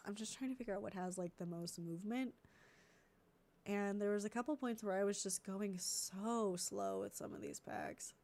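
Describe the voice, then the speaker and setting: A woman's voice: mid-range voice, vocal fry, warm tone. A congested woman streamer chatting casually and thinking aloud while editing videos, easily distracted.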